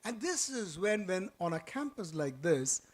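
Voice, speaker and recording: A man giving a lively motivational orientation talk in an auditorium, quizzing the audience and telling stories. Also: high voice, unhurried. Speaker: orientation speaker.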